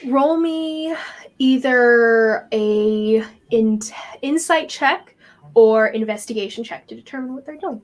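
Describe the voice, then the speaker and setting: A woman's voice: a little high, slow. A woman narrating as game master, describing scenes with many fillers.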